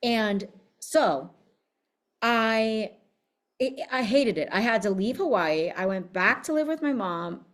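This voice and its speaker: A woman's voice: fairly high pitch, lively intonation, takes it slowly. A woman giving a casual motivational talk as a business coach, telling her story in a blunt, fiery, profane way. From United States.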